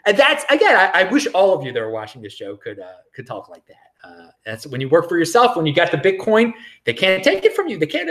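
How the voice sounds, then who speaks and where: Man, show host, casual livestream commentary, sarcastic, rambling, animated swings in pitch. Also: fast. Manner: sarcastic, rambling, with frequent restarts and chuckles.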